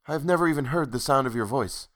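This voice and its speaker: A man's voice: mid-range voice, quick pace, a bit bright, pitched above the performer's own voice, lightly acted. A man voicing an eager, longing haunted suitor. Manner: eager, pleading.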